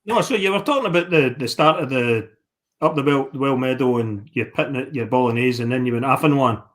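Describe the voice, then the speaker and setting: A man's voice: medium pitch, brisk. A man hosting a casual chat show, teasing his guest and steering the talk. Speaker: host.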